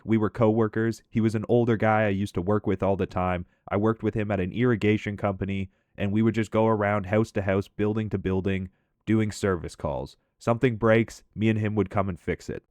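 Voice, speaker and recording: Low-voiced man telling work stories. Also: dry recording. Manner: animated, profane, conversational. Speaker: gaming commentator and storyteller. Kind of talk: casual storytelling over gameplay.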